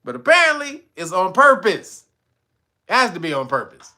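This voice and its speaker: A man's voice: high-pitched, very animated, normal speed, pushed and bright. A man hosting a livestream commentary, profane and mocking, laughing often and talking to his chat. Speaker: channel host. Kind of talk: livestream commentary reading news.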